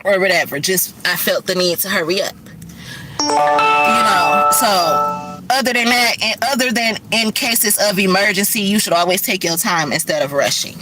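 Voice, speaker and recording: A middle-aged woman vlogging in casual chat, talking fast and rambling, with lots of swearing, seemingly from her car. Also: medium pitch, over music. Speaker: vlogger and rideshare driver.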